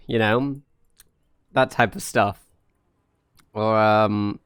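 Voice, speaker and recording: A man's voice: lowish voice, very slow, pauses often, fairly bright tone, clear, resonant tone, no room sound, studio quality. A young English man chatting casually on a live stream, rambling and joking with lots of fillers. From England. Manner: rambling, jokey, many fillers. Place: home in Norway.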